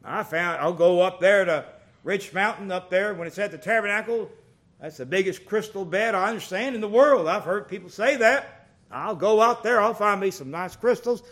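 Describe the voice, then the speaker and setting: A middle-aged man preaching a sermon, folksy and animated, telling stories with big swings in loudness. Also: high-pitched, moderate pace.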